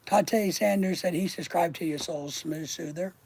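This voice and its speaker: A man's voice: high voice, moderate pace, gravelly, darkish tone, slightly rough. A man hosting his channel and telling a long personal story in a casual, rambling way, swearing and trailing off mid-sentence. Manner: rambling, profane, often trails off. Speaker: channel host.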